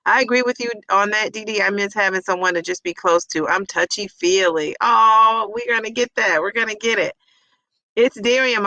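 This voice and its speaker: A woman's voice: mid-range voice, moderate pace, bright, forceful tone, dry recording. A woman hosting a casual livestream, chatting and reading viewer comments aloud, often repeating them back with a laugh.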